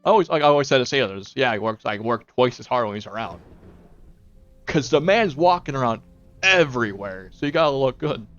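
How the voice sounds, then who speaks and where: A man's voice: mid-range voice, lively intonation, brisk, a bit bright, dry recording. A young man streaming from home, rambling casually to his viewers with lots of fillers. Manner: rambling, with many fillers and quoted self-talk. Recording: dull lo-fi mic, faint music.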